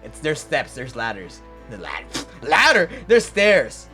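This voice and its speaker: A let's play streamer who reads game lines aloud and reacts with excitable, loud outbursts, laughter and swearing. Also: medium pitch, takes it slowly. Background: game music.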